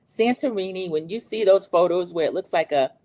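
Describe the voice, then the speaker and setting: A middle-aged woman with a somewhat low voice talks through a reality show recap. She is chatty and opinionated, like a host chatting with her regular viewers. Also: fairly quick, a little mellow. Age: Gen X, 40s to 50s. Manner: chatty and opinionated, acts out quotes in a raised voice. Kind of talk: casual opinionated commentary.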